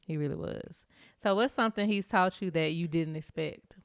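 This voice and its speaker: A woman's voice: fairly low pitch, clean tone, no echo, clean studio sound. A woman co-hosting a podcast, asking questions and chatting casually. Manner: asks questions, does a quick plug. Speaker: podcast co-host. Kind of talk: casual chat.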